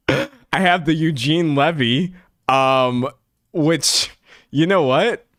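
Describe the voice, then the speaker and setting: A man's voice: fairly high pitch, extremely slow, fairly bright tone, no room sound, clean studio sound. A young man chatting casually on a live stream, talking to his chat in a self-deprecating way and laughing often. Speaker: livestreamer.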